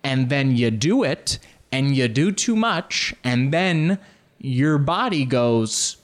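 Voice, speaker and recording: Animated man telling rambling stories. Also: medium pitch, unhurried. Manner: rambling, animated, breaks into loud impressions. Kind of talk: casual solo storytelling.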